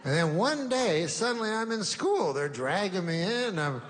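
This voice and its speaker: A man doing stand-up comedy, with a deadpan, rambling delivery. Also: high-pitched, normal speed. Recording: reverberant club hall, faint noise.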